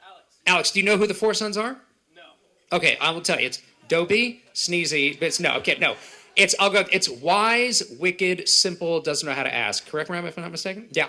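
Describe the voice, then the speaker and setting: Fast-talking, bright-voiced male comedian. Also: a little high. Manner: rapid, animated, quizzing the audience. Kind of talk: stand-up comedy at a live event. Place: event hall with an audience.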